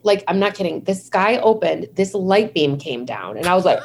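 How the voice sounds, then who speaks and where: A woman's voice: fairly low pitch, lively intonation, normal speed, vocal fry, darkish tone, slight background noise. Chatty woman telling stories on a call. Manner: chatty storyteller, many "like"s, acts out her own past reactions. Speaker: nurse and founder of a nurse community, guest. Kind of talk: casual interview conversation. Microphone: video call.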